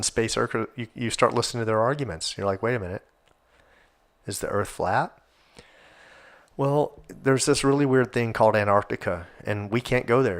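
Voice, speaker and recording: A man hosting a casual solo podcast, rambling and swearing as he gets worked up. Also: medium pitch. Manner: rambling, profane, animated. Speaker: podcast host.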